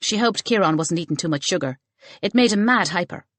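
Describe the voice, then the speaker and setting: A woman narrating a mystery novel audiobook in an expressive storytelling manner. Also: on the low side, a little fast, no room sound. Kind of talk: scripted narration.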